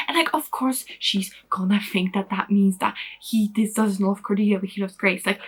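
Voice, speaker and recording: A woman's voice: medium pitch, normal speed, hardly any pauses, husky. A woman giving a casual, rambling spoiler recap of a book in a vlog, full of fillers and the odd swear word. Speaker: book vlogger.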